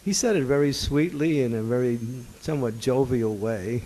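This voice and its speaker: A man's voice: mid-range voice, normal speed, hardly any pauses, mellow, slight background noise, poor audio. A man acting as a spiritual teacher who answers questions from a gathering, good-humored and laughing often.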